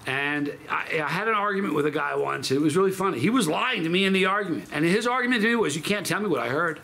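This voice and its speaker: A man's voice: high voice, fast talker, vocal fry, bright, forceful tone. A man hosting his channel, telling a story in a casual monologue that is emphatic and rambling, with frequent restarts and self-corrections. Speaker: channel host.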